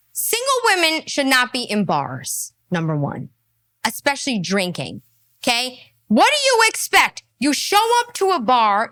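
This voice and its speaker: High, animated, mocking woman commentator. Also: no room sound, clean studio sound. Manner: mocking, exasperated. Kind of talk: reaction commentary.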